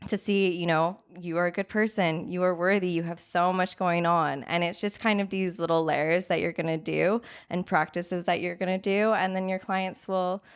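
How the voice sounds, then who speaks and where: A woman's voice: lowish voice, steady tone, moderate pace, hardly any pauses, clean tone. A woman in her thirties, a coach on a podcast, talking earnestly in casual interview style and often checking in with "right?". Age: 30s. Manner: earnest, acts out inner voices, says "right?" a lot. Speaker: guest coach.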